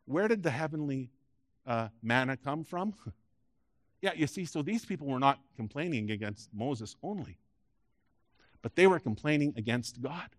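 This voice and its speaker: A man preaching a sermon as pastor, rising loud and high on key points and dropping quiet for emphasis. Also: no room sound, clean studio sound.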